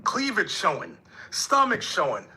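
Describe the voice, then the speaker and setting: A man with a high, piercingly bright voice speaks with an emphatic, preachy drive. His tone carries a husky rasp as he lays out his views in an interview, now and then mimicking other voices. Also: wildly swooping pitch, a little slow. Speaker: religious leader. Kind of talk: interview talk.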